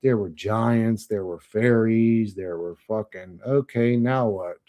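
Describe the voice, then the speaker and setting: A man's voice: lowish voice, slow pace, dark tone. A man on a livestream, reading chat comments and answering them in blunt, profane, rambling talk.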